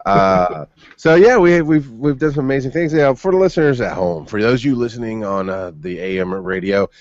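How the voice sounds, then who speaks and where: A man's voice: mid-range voice, lively intonation, fairly quick, a little mellow, no echo. A man co-hosting a podcast in casual chat, telling a long story in a rambling way and laughing often. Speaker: podcast co-host. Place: home studio. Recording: muffled dry remote recording.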